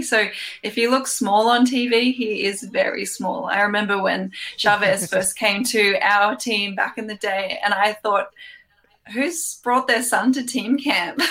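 A woman co-hosting a podcast and explaining things in a clear, chatty way. Her voice is bright and forward. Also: medium pitch. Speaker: podcast co-host, former pro cyclist. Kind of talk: casual chat.

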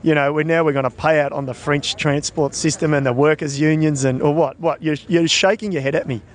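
Australian male co-host, slightly raised pitch, loose and joking. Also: steady tone, fairly quick. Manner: chatty, laughs often, teasing. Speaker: podcast co-host and cycling commentator. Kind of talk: casual chat.

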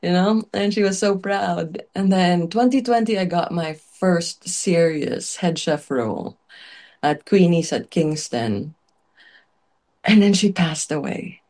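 A woman with a somewhat low voice tells her life story in a loose, chatty way. She fills her talk with "like" and "um" and laughs lightly between phrases, her voice wavering at times as tears come. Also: slow, a little mellow. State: tearful at times. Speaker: chef, interview guest. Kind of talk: emotional personal storytelling.

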